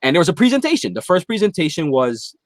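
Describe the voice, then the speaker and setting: Podcast guest, male, animated swearing storyteller; fairly high, lively voice, dry mic. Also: quick pace, dry recording. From Philadelphia area. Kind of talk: casual chat.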